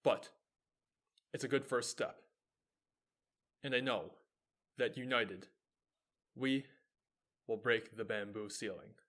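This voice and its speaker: A man's voice: mid-range voice, takes it slowly, pauses often, fairly bright tone. A young man in his twenties hosting his own show, giving a scripted explanatory monologue, earnest and posing rhetorical questions that he then answers. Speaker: show host.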